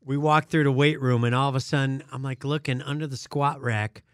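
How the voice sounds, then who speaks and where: A man co-hosting a podcast in casual, jokey, excitable banter from a studio. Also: mid-range voice, brisk, no room sound. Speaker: podcast co-host.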